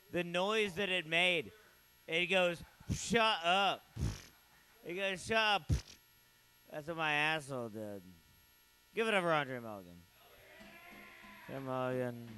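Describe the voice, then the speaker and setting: A man hosting a comedy night, telling crude rambling stories and introducing the comics, jumping up in pitch for punchlines. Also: bright, forceful tone, clear, resonant tone, poor audio. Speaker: comedy show host. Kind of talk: stand-up hosting.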